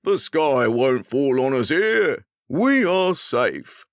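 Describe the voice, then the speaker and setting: A woman voicing a cunning fox who talks in a slow, coaxing way. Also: rumbling low, very animated, dry recording, clean studio sound, full character voice. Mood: sly. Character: sly smooth-talking male fox, cunning.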